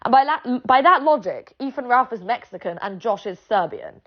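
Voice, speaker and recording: A woman's voice: on the high side, expressive, moderate pace, dull audio. Blunt, profane British-accented woman ranting. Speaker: vlogger. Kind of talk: ranting monologue.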